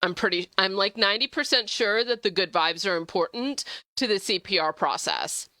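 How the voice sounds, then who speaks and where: A young woman streaming a game, chatting with viewers in a bubbly, gushing way, jumping high when excited. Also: moderate pace, dry recording. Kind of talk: casual gameplay stream chat.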